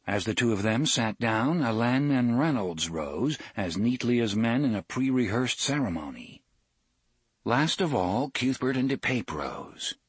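A man narrating an audiobook in a measured, expressive storytelling manner. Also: fairly low pitch, slightly rough, no room sound. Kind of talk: scripted narration.

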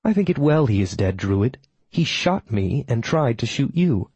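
A man's voice: medium pitch, very animated, a little slow, darkish tone, slightly rough, dry recording, muffled recording, exaggerated voice. A man doing a cool faerie huntress. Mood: detached. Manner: formal, detached speech. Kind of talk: audiobook character voice.

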